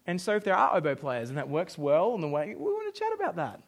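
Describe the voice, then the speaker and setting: A man's voice: sits high, fast talker, hardly any pauses. A young Australian man preaching a sermon as pastor, joking and acting out quoted voices. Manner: jokey, animated, acts out quoted voices.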